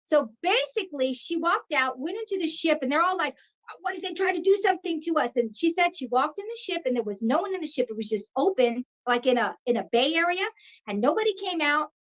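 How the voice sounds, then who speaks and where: Brief: woman in her 50s, high voice, animated storyteller, dull lo-fi audio. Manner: animated, acts out quoted voices. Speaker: guest. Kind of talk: personal storytelling. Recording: dull lo-fi sound.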